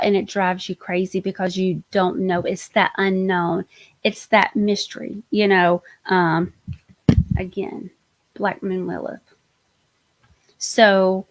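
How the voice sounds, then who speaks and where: A woman hosting a live-stream tarot reading, chatty and enthusiastic, often trailing off and restarting her sentences. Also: mid-range voice. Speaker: host, tarot reader.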